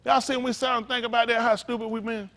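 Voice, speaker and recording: A man preaching an interactive sermon, calling out to his congregation in with a lively, animated manner. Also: very high-pitched, fast. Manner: animated, calls out to the congregation, folksy vernacular. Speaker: pastor.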